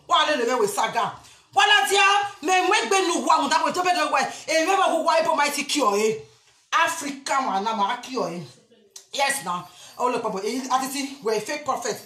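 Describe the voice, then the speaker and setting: A Nigerian woman rants to her online audience in a high, sharp voice. She is loud and emphatic and keeps breaking into shouts. The sound bounces around an echoey room. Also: expressive, moderate pace. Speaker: spiritual vlogger. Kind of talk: impassioned rant to camera.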